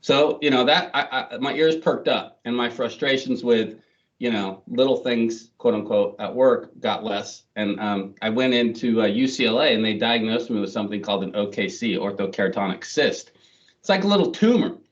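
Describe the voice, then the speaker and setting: A man's voice: medium pitch, moderate pace. Man telling his story from afar. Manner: chatty and self-deprecating, many fillers and restarts. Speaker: guest speaker. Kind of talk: storytelling talk to an audience. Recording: distant, dull lo-fi sound.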